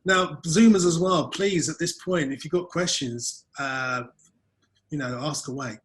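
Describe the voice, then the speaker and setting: A man's voice: on the high side, a little slow, fairly bright tone, poor audio. A man hosting a video-call webinar interview, telling casual self-deprecating stories about his early days on camera. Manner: chatty, self-deprecating storyteller. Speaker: webinar host.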